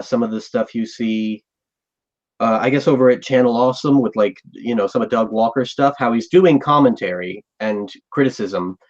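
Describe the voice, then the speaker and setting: A man's voice: mid-range voice, lo-fi sound. A man hosting a live podcast chat, talking casually and thoughtfully. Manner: thoughtful, rambling with fillers. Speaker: podcast host.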